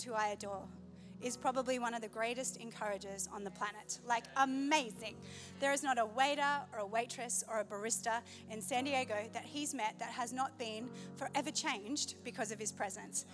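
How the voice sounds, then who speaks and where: A woman pastor on a church stage, preaching with passion and moving between loud exhortation and soft storytelling. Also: sits high. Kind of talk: sermon.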